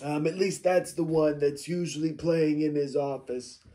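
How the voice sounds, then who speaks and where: A man impersonating a smug older male football executive, with a raspy, smoke-worn voice and slow, boastful rambling. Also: on the high side, steady tone, dark tone, lightly acted. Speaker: mock interview guest.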